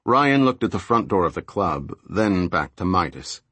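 A man reading a thriller audiobook in a steady, low-key scripted narration. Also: normal speed, breathy edge, dry recording.

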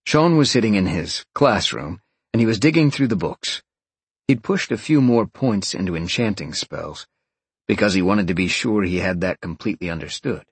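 A man's voice: sits low, lively intonation, moderate pace, husky, dry recording. A man reading a fantasy novel aloud as an audiobook narrator, telling the story expressively. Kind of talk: scripted narration.

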